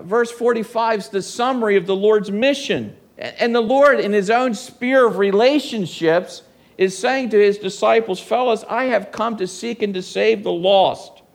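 A man delivers a sermon in an earnest tone and keeps putting rhetorical questions to his listeners. His voice sits a little high and has a gravelly edge. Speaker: preacher.

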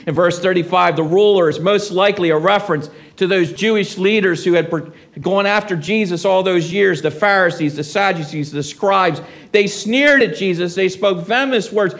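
A pastor preaching a sermon in church, reading scripture and rising loud and intense on key lines. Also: male voice, high voice, moderate pace, creaky. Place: church service.

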